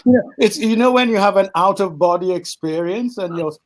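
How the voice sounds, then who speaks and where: A man's voice: high voice, brisk, poor audio. An older man with a British accent, an actor telling stories as a podcast guest and acting out the voices of the people in them. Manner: animated storyteller, acts out voices, frequent laughs and restarts. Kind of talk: storytelling in a podcast interview.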